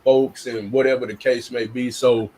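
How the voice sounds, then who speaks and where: A man's voice: medium pitch, flat delivery, moderate pace, a crowd in the background, low-quality recording. A man speaking bluntly and earnestly in casual live-stream chat, often restarting and repeating words.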